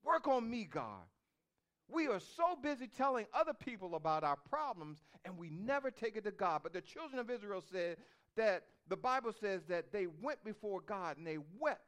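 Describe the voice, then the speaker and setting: A man's voice: sits high, fairly bright tone. A man preaching a sermon, reading scripture and repeating phrases as his intensity rises. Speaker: pastor.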